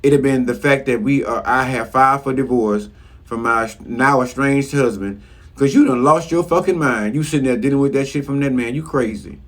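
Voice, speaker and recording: A man's voice: mid-range voice, normal speed. A man giving a casual, profane recap of a reality show episode, scolding the cast bluntly. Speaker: reality TV commentator.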